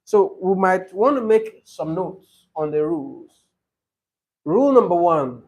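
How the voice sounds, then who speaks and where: A man leads a speaking-test training class. His voice sits high. He moves at a slow, deliberate pace and repeats each rule for note-takers. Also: sing-song, a little mellow. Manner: repeats key rules slowly for note-taking. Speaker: IELTS trainer. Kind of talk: classroom teaching. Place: training session room.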